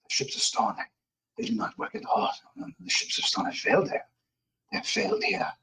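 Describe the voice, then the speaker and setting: A man's voice: high voice, lively intonation, measured pace, fairly bright tone, pitched above the performer's own voice. A man voicing a rescued captive with a French Canadian accent, pleading, then muttering in whispers. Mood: hushed ramble.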